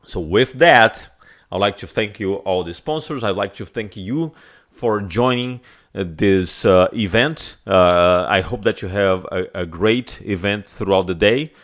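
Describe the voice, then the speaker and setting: A man's voice: fairly low pitch, unhurried, fairly bright tone. A man with a giving an enthusiastic conference keynote, with small grammar slips. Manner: enthusiastic, with some non-native grammar slips. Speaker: keynote speaker.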